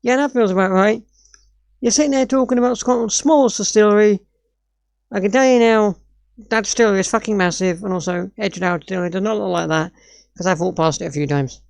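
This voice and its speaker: Exasperated sweary woman, gravelly. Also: mid-range voice, fairly quick, darkish tone, no echo. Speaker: streamer. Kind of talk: live-stream reaction commentary.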